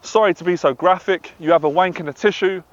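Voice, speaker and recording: A man's voice: high-pitched, fast talker, a little hiss or hum. A man, a dating and anxiety coach, speaking earnestly and confessionally, sometimes acting out the voice in his head. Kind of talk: direct-to-camera monologue. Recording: slightly dull lo-fi audio.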